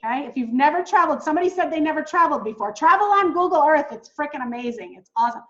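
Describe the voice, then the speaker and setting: A woman coaching new travel agents in a casual, excitable way, talking straight to viewers as "guys". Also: high-pitched, racing, muffled recording. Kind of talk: casual teaching while screen-sharing.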